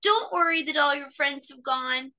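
A woman voicing a worried little male fox cub in a storybook reading, with high, pleading, breathless cries. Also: normal speed, sharp tone. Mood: earnest.

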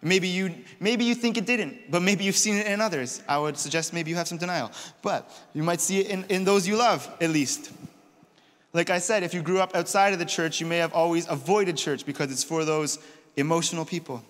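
A man preaching a sermon in a church, retelling scripture in a relaxed, conversational way. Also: a little high, fairly quick. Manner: conversational storytelling, retells scripture in casual paraphrase. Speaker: pastor. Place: church auditorium. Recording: long hall reverb.

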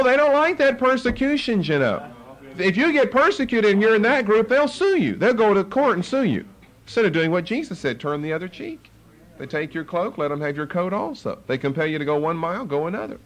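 A male pastor delivering a Bible study sermon, his voice sitting a little above the usual male register and swinging widely in pitch as he presses each point. He hammers key phrases by repeating them and keeps an emphatic, pulpit-style delivery throughout. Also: a bit bright.

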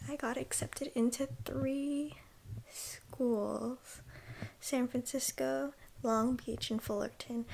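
A high-pitched teenage girl talks into her phone in a casual video diary, bubbling with excitement. She often drops to a sleepy whisper and sounds close to tears. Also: gravelly, slight background noise. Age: high school senior, about 18. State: sleepy, just woke up. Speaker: vlogger. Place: bedroom, in bed.

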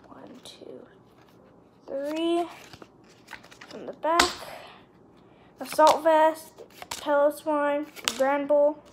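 High-voiced excitable woman opening cards. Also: noisy background. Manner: excitable, gushing over pulls, lists cards quickly. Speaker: card unboxing vlogger. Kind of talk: casual unboxing commentary. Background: card and wrapper crinkling.

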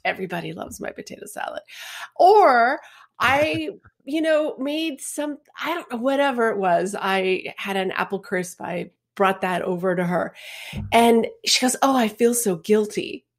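A woman's voice: a little high, lively intonation, measured pace. Chatty woman podcast co-host. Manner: chatty, humorous, acts out quotes. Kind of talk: casual conversational chat.

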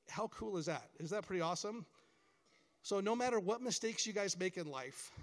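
A middle-aged man giving a chapel talk to schoolchildren, encouraging and full of stories. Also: fairly high pitch. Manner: storytelling, encouraging, acts out quoted lines. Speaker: camp staff speaker at school chapel. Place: large hall, chapel. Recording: long hall reverb.

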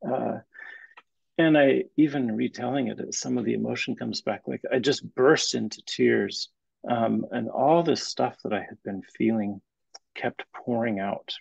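Middle-aged male guest therapist, gravelly and raspy, animated storyteller with restarts, dull lo-fi video-call sound. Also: mid-range voice, dry recording. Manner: animated retelling with halting restarts. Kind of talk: storytelling in an interview.

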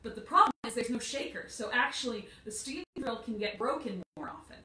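A woman's voice: fairly high pitch, a little fast, reverberant, poor audio. A woman hosting a children's storytime, singing songs, reading poems and playing up sound effects. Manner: animated, sings and chants with sound effects.

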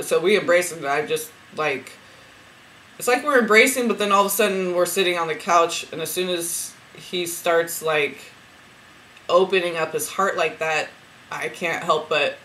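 A woman who reads spiritual cards, chatting to camera as she retells a dream, rambling with lots of fillers and restarts and getting emotional and excited. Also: fairly low pitch, low-quality recording. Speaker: spiritual card reader.

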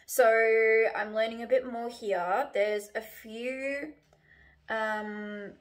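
A young woman book vlogger chats casually on her own channel about the books she's reading, relaxed and rambling with lots of fillers and restarts. Her voice is on the high side and she speaks very slowly.

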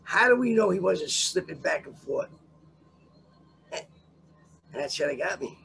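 Older man, gravelly, high and lively. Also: measured pace, slight background noise. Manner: profane, animated storyteller. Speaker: guest. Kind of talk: storytelling in a casual interview.

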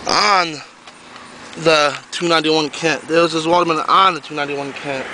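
A man's voice: on the high side, fairly even intonation, normal speed, background noise. A man giving a rambling, casual walking tour of his pumpkin garden outdoors to a handheld camera. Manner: rambling, repeats himself, talks to the camera while walking. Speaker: pumpkin grower.

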